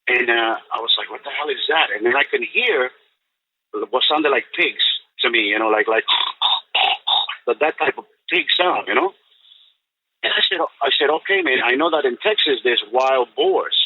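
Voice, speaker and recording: Over a tinny, dry telephone line, a podcast guest in his seventies rambles through a personal story about an encounter, full of "you know" and restarts. His mid-range voice has lively intonation at a normal speed, with slight background noise.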